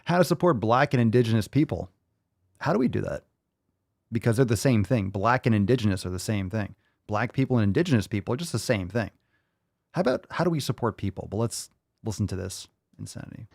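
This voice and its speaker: A man's voice: fairly low pitch, animated, fast, gravelly, darkish tone, dry recording, studio quality. Blunt, profane man mocking clips. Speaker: host reacting to clips. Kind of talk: casual reaction commentary.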